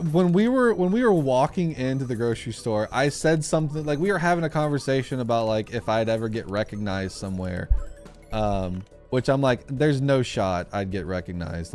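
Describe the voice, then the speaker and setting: A man's voice: medium pitch, darkish tone. A young man chatting casually on a live stream while gaming, rambling through a story with lots of fillers and restarts.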